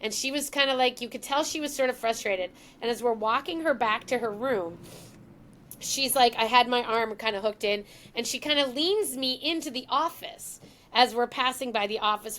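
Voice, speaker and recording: A woman's voice: on the high side, moderate pace. A woman as a podcast guest, telling an emotional personal story and acting out the lines of the people in it. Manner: emotional, animated, acts out quoted lines.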